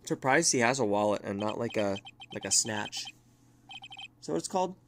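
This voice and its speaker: A woman's voice: extremely low pitch, expressive, moderate pace, a little hiss or hum. A young woman streamer chatting casually and laughing at herself while playing a game. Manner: giggly, self-mocking, chatty.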